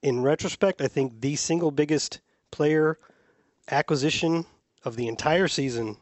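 A man hosting a casual sports panel chat, opinionated and measured, laughing easily. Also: a little high, no room sound. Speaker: sports podcast host.

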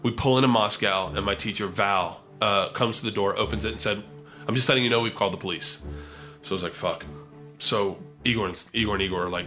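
A man telling a wild comic anecdote with lots of swearing, excitedly acting out the other people's lines in raised voices. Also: fairly low pitch, fast, soft background music. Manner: profane, excitable, acts out the quotes in raised voices. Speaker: storyteller.

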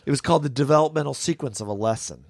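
A male podcast host talks in a relaxed, chatty way, tossing in quick asides. His voice sits at an ordinary mid pitch. The sound is close and dry, with no room echo. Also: creaky. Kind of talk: casual chat.

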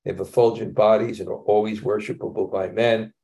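A man's voice: fairly low pitch, little pitch movement, brisk, creaky, mellow. A man teaching a scripture class in a casual, conversational way, with chuckling asides.

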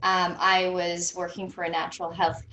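A Canadian woman in her thirties, a guest on an interview show, telling personal stories casually with lively quoted voices and frequent laughter. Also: fairly low pitch, normal speed. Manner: animated, laughs often, quotes people in voices. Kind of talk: casual storytelling. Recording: roomy echo.

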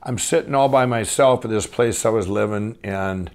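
A middle-aged man telling his life story as a guest, rambling and animated, full of fillers and restarts. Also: on the low side, moderate pace. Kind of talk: casual storytelling.

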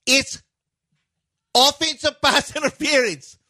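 A man impersonating an excitable Eastern European basketball coach, with a put-on Russian-style accent and broken English. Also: very high-pitched, slow, pitched above the performer's own voice, heavily acted. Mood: ranting. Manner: broken English, loud and ranting.

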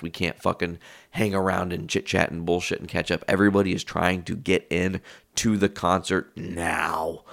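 A young man casually retelling a story in a rambling, profane, animated way. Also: low voice, vocal fry.

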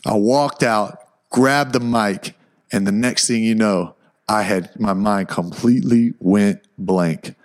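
A man who is a motivational speaker and podcast host, telling a personal story in a casual, animated way and often adding "man". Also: fairly low pitch, slow.

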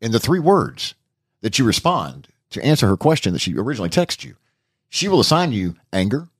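A middle-aged man hosting a casual podcast chat, animated and jokey, his voice climbing into mock outrage. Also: mid-range voice, brisk, husky. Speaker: podcast host.

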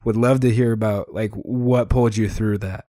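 A man hosting a podcast, asking questions in a relaxed, casual way. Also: on the low side, normal speed, dry recording, studio quality. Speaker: podcast host. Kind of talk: casual interview chat.

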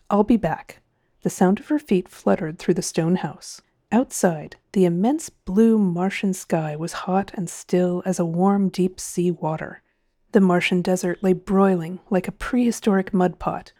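A woman reads a story aloud in a mellow, darker voice with measured, even pacing. The recording is dry and close, with no room sound. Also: fairly low pitch, no echo. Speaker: narrator. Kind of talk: scripted narration.

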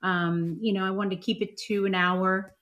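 A woman's voice: mid-range voice, flat delivery, normal speed, fairly bright tone, lo-fi sound. A woman hosting a live online show, talking with gushing enthusiasm about her guests. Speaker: host.

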